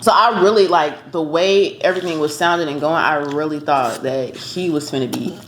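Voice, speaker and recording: A woman's voice: sits low, normal speed. Young woman co-host, chatty, heard with a roomy echo. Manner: chatty, filler-heavy with "like". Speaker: co-host girlfriend. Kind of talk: casual storytelling chat. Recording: roomy echo, faint noise.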